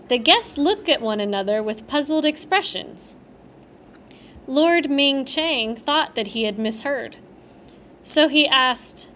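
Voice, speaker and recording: Slow, expressive woman storyteller. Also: sits high, a little hiss or hum. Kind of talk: storybook narration.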